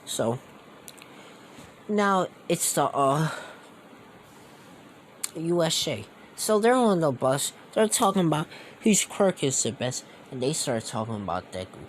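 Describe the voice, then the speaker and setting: A man's voice: on the high side, very animated, slow, long pauses, a little hiss or hum. A young man casually retelling a fan story, rambling with lots of fillers.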